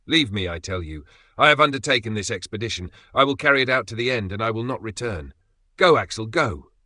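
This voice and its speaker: A man's voice: fairly low pitch, expressive, fairly quick, pushed and bright, no room sound, clean studio sound. A man reading an audiobook, voicing a stubborn, domineering old male professor who speaks in a commanding, scornful way. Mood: defiant. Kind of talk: audiobook character voice.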